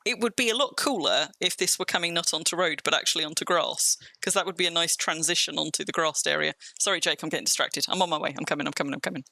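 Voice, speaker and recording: A woman with a southern English accent chats away on a live stream as she games, her tone bright and forward. She rambles from one thought to the next and often restarts a sentence midway. The sound is dry and close, with no room around it. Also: on the low side, quick pace, gravelly, few pauses, no echo. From England. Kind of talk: casual live-stream chat while gaming.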